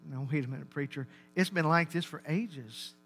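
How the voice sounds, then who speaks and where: A man's voice: on the high side, moderate pace, a bit bright, pitched below the performer's own voice. A man voicing a stubborn traditional husband who objects to the preacher. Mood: protesting.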